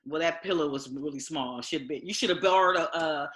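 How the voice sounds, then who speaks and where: A woman's voice: sits low, fairly quick, roomy sound. A woman co-hosting a casual recap podcast, talking animatedly, acting out what she would say and laughing often. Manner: animated, acts out quotes, frequent laughter. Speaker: podcast co-host.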